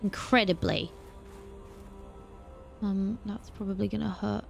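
A woman playing a video game, talking to herself in an animated way and breaking into startled exclamations. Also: mid-range voice, unhurried, vocal fry, faint music behind. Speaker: let's play host. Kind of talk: gaming commentary.

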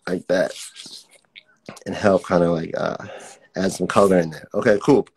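A man's voice: low voice, steady tone, moderate pace, slightly rough. A young man teaching a casual live-streamed drawing class, chatty and laid-back, reading out viewer comments as he draws. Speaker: art teacher.

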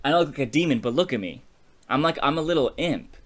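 A man's voice: on the high side, expressive, quick pace, close to an everyday voice. A man voicing a small, bony male imp cast out of demon society, who talks in a light, pleading way.

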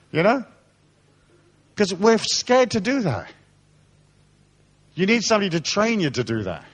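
A man with a somewhat high, very expressive voice holds forth before a live audience. He spins anecdotes with plenty of swearing and mimics the people in them as he goes. His delivery swoops between highs and lows. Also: moderate pace, long pauses. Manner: animated storyteller, swears freely and acts out quoted voices. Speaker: spiritual seminar speaker. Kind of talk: live motivational talk to an audience. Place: seminar hall.

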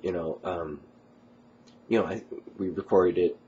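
A college student vlogger speaks in a low, darkish, steady voice at a measured pace, with a little hiss or hum in the slightly muffled recording. Sick with a cold, he coughs occasionally while rambling casually late at night, using many ums and uhs.

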